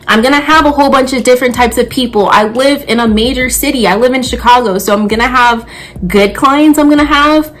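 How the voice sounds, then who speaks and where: A woman in her twenties, a nail technician, telling a story in a blunt, profane, animated rant. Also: fairly high pitch, a little fast, poor audio. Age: 20s.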